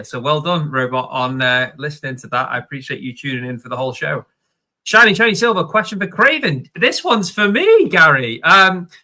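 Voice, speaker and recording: A man's voice: on the high side, bright, forceful tone. A man hosting a live stream, chatting and reading out viewer questions. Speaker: host.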